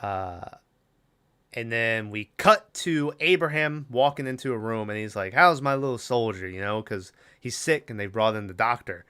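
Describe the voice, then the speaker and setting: A man's voice: on the low side, normal speed, bright, forceful tone, smooth. A man co-hosting a podcast, rambling through a casual movie recap with lots of fillers and swearing. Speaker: podcast co-host.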